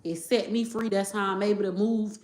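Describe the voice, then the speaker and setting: A woman, talking straight to her viewers in an emotional monologue. She repeats herself and swings from low muttering to loud outbursts. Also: fairly even intonation, a little fast. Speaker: vlogger.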